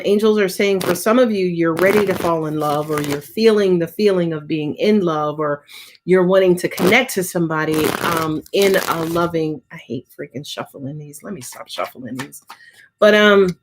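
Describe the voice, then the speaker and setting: Woman, slightly low voice, loose livestream tarot reader who swears freely. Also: normal speed, background noise. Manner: casual, chatty, swears often, frequent "right?" and "um". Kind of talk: live tarot reading with viewer questions.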